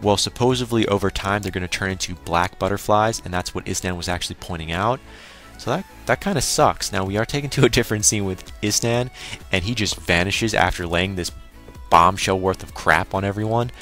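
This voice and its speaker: Young male anime reviewer, deep low voice, crude chatty recap, faint music underneath. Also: a little fast, fairly bright tone. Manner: crude, exclaiming, mock-quoting himself. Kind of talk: casual episode recap.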